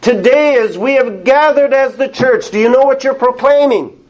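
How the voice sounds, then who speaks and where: A male pastor preaching a sermon in an earnest, emphatic way, pausing often and laughing softly. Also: extremely high pitch, lo-fi sound.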